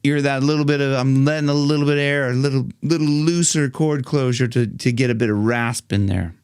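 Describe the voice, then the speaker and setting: Playful American vocal coach, dry close mic. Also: male voice, fairly even intonation, a little fast, darkish tone, smooth, dry recording. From Ohio, United States. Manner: playful, jokey, demonstrates lines in a high belt. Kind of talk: singing tutorial.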